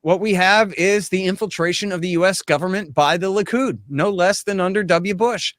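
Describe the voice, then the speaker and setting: A man with a fairly high voice gives blunt, emphatic political commentary as an interview guest. He sounds opinionated and forceful. The recording is dry and close. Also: moderate pace, dry recording.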